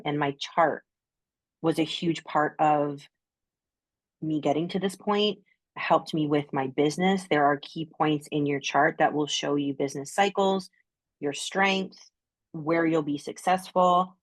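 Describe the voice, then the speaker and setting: A woman's voice: low-pitched, steady tone, measured pace, no echo. A woman with a Canadian accent, chatting enthusiastically as a guest astrologer on a podcast, often saying "like". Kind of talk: casual podcast conversation.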